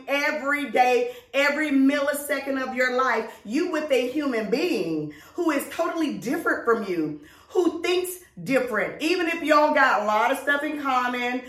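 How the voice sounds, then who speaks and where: Middle-aged woman, emphatic and preachy, slightly high voice, echoey room, distant mic. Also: a bit bright. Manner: emphatic and preachy, drawn-out words. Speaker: podcast co-host. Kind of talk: casual chat.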